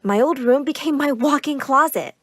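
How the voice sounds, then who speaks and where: A young woman narrating an animated story in a dramatic, scripted way. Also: sits high, normal speed, dry recording. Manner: expressive, dramatic.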